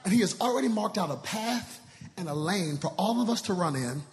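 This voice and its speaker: A male guest preacher from Dallas, Texas, preaching an energetic sermon with shouted, sing-song lines and call-and-response in a church. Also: high-pitched, a little fast, long reverb tail. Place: large church sanctuary.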